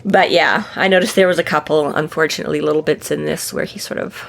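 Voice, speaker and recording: A woman's voice: deep voice, fairly even intonation, fast, gravelly, a little hiss or hum. A woman co-hosting a book podcast in casual chat, swearing freely and acting out the characters' lines. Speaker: podcast co-host.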